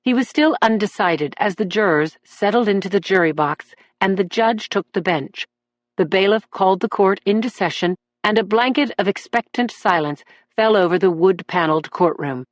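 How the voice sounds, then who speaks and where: A woman narrating a crime thriller audiobook at a mid pitch, steady and even. Her read is dry and close, with no room sound. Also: moderate pace, no echo. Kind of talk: scripted narration.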